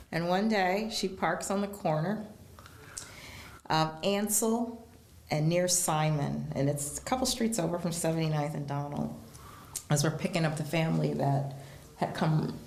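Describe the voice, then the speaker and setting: Casting: woman, low gravelly voice, lively storyteller in an echoey room. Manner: animated storyteller, acts out quoted voices. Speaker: guest. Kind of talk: storytelling in a casual interview.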